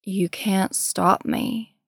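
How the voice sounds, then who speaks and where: A woman voicing a young man who speaks softly and lightly, matter-of-fact and eerily detached, in a storybook reading. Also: fairly low pitch, fairly even intonation, a little slow, vocal fry, no echo, studio quality. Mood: calm detached.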